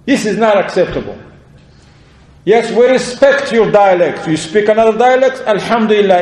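A man's voice: expressive, normal speed, a little mellow. Earnest man preaching in an echoey room. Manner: earnest, emphatic, rising and dropping pitch for stress. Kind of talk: sermon.

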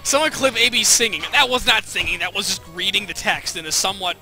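A man streaming a video game live, chatting playfully with his viewers and reacting loudly to the game. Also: sits high, animated, fast, faint music behind. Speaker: gaming livestreamer. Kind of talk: casual livestream commentary.

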